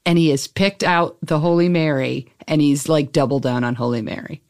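A woman comedian as a guest, telling animated, rambling stories full of fillers in a casual interview. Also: sits low, normal speed.

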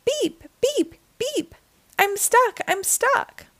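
A woman voicing a small, friendly male blue truck in a storybook, with high, squeaky cries. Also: expressive, drawn-out words, a bit bright, no echo, heavily acted. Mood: panicked.

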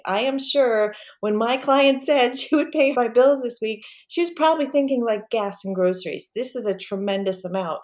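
A woman speaking as a podcast guest, recounting a personal story in a lively way and acting out the voices of the people in it. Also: a little high, moderate pace, few pauses. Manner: animated, acts out quoted voices.

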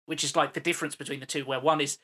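A man's voice: fairly high pitch, level tone, rapid-fire, sharp tone, breathy edge. A man co-hosting a film podcast, explaining his points at length with many fillers. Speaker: podcast co-host. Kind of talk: casual film discussion.

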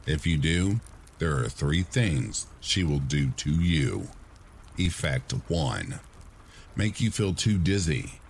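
Deep-voiced man narrating bedtime horror. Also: very animated, slow pace, gravelly, a little hiss or hum. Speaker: horror story narrator, channel host. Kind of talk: scripted horror narration for sleep.

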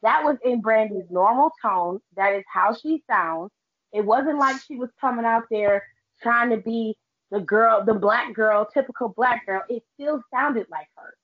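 A woman's voice: a little high, unhurried. American woman cohost laying it out, emphatic, swearing, muffled lo-fi audio. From United States. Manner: emphatic, explanatory, profane. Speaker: podcast co-host. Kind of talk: casual chat.

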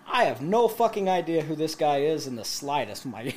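A man in his late twenties telling a profane story to friends, animated and laughing as he goes. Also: on the high side, quick pace, few pauses, a little hiss or hum. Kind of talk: casual storytelling among friends.

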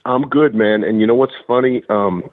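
A man's voice: medium pitch, normal speed, dry recording. A middle-aged man, a guest calling in by phone, telling stories in chatty casual talk with many restarts. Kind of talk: casual interview chat. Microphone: phone call. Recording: muffled phone line.

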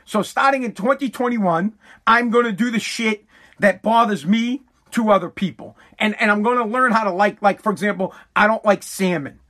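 In a high voice, a middle-aged man launches into a foul-mouthed, funny tirade over relatives helping themselves to his food, getting worked up to the point of yelling.

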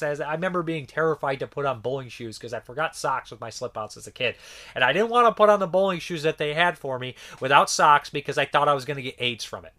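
A man's voice: a little high, animated, fast talker, sharp tone. A man in his thirties reviewing a movie in a casual, rambling monologue, swearing freely and using lots of filler words.

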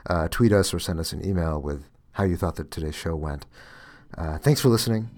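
A man's voice: low-pitched, a little fast, darkish tone, faint music behind. A man hosting a podcast, reading a debugging story aloud and then musing with fillers and restarts. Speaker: podcast host.

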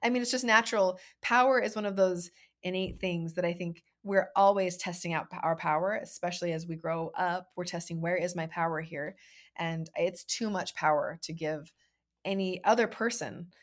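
A woman with a low-set voice talks in a relaxed, reflective way, building her points slowly and affirming her guest as she goes. She is a host in her thirties in an easygoing conversation. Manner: reflective, affirming, talks in long winding thoughts. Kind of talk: casual chat.

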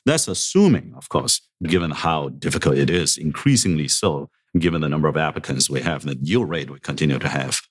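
A middle-aged man with an extremely low, deep voice speaks as a university president in a podcast interview. He is good-humored and self-deprecating, slipping chuckles between his remarks, and talks into a podcast microphone. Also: animated, a little fast, hardly any pauses, husky.

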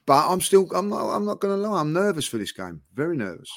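A man's voice: sits high, fast talker, dry recording. A man co-hosting a football podcast, telling stories in casual chat with lots of stammering restarts. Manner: animated storytelling, stammering restarts. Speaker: podcast co-host.

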